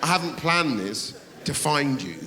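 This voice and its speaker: Brash comedian in a big theatre. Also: male voice, a little high, expressive, measured pace. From England. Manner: brash, swearing, teasing the audience. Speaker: stand-up comedian. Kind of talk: stand-up comedy set. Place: large theatre, live audience. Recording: reverberant theatre with audience noise.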